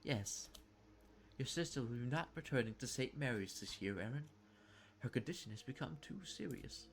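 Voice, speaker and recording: A man's voice: mid-range voice, expressive, normal speed, a little hiss or hum, close to an everyday voice. A man voicing a stern, formal middle-aged mother in a game who scolds her son primly. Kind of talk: voicing characters in a game stream.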